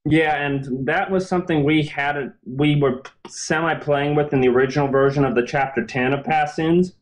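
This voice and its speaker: Guest author, male, slightly high voice, earnest and explanatory, thinking aloud in casual chat. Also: fairly even intonation, moderate pace. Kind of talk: casual podcast interview.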